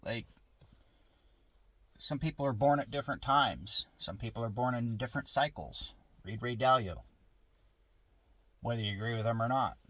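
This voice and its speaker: A man's voice: mid-range voice, normal speed, pauses often, fairly bright tone, dry recording. A middle-aged man vlogging from a parked car in his garage, musing in a rambling, casual way with restarts and asides.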